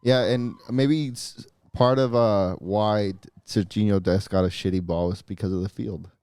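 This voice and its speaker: A man gives his opinions on soccer in a relaxed, easygoing way, his voice warm and a bit low. Fillers pepper his talk, and the sound is close and dry. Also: moderate pace, dry recording. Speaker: podcast co-host. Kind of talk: casual soccer chat.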